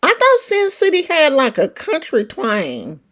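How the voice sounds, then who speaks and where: A woman's voice: high-pitched, huge pitch swings, a little slow, fairly bright tone. A middle-aged woman with a California country twang, chatting casually and rambling as a livestream host. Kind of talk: casual chat.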